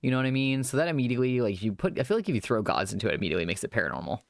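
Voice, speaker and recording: Brief: rambling male streamer, lively voice with a gravelly edge, dry close sound. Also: medium pitch, rapid-fire, dry recording. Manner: rambling, chatty, improvising; thanks viewers for follows. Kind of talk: casual live-stream chat.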